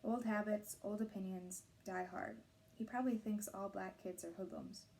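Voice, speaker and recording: Lady reading a book aloud and doing a protective mom, gentle, soft and mellow, a bit higher than her narrating voice. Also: steady tone, moderate pace, a little hiss or hum, lightly acted. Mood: comforting. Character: caring protective adult mother, warm and firm.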